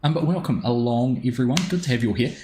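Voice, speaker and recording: A man's voice: medium pitch, fast, a little hiss or hum. A middle-aged Australian man casually chatting on a live game stream, greeting viewers by name from his desk at home. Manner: friendly, greets chat by name, relaxed.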